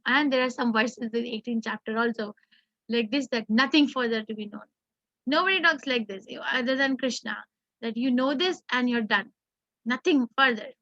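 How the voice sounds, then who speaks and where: A woman's voice: on the high side, pushed and bright, no echo. A woman with an Indian English accent teaching a scripture class, explaining earnestly and reciting Sanskrit verses. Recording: dull lo-fi class recording.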